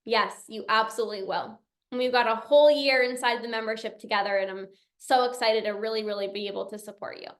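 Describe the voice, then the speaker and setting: Earnest, high-voiced woman coach. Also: steady tone, fast talker, few pauses. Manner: earnest, emotional, repeats phrases for emphasis. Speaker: binge eating coach and podcast host. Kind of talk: motivational talk, reading out member comments.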